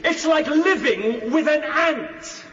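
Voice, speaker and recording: A surly, scornful husband. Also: male voice, very high-pitched, expressive, slow pace, full character voice. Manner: grumbling, scornful, rising to shouts. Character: surly working-class husband in a stage play, bullying. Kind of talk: 1950s-set radio comedy-drama. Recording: dull roomy radio broadcast.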